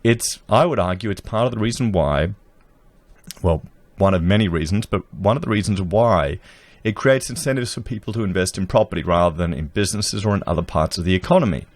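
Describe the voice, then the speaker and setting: A sarcastic man talks straight to his viewers, reading news aloud and then picking it apart. His voice sits on the low side. It is close on a desk mic, dry, with no room sound. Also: fairly quick, no echo. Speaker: commentary channel host. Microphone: desk podcast mic.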